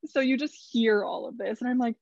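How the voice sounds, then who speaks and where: Young woman chatting on a podcast, says "like" a lot, swears a bit, dry flat-sounding recording. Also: on the high side, fairly quick, vocal fry, no room sound. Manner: chatty, lots of "like", casual swearing. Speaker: guest telling her birth story. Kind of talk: casual podcast conversation. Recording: slightly dull, dry recording.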